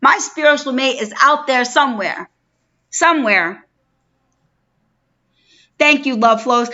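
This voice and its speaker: New York accent, woman, middle-aged, high voice, gushing stream chat, dull lo-fi audio. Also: takes it slowly, long pauses, sharp tone. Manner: chatty and effusive, greets viewers by name. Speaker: livestream host. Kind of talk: casual live-stream chat.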